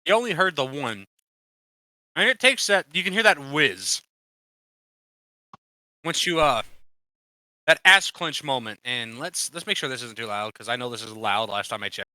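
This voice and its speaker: A man's voice: mid-range voice, lively intonation, moderate pace, long pauses, pushed and bright, dry recording, poor audio. A man running a tabletop game as game master, talking in a casual, profane, playful way.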